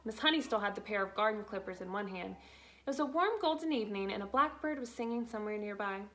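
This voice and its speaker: A woman narrating a children's book aloud with steady, clear storytelling. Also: medium pitch, fast talker.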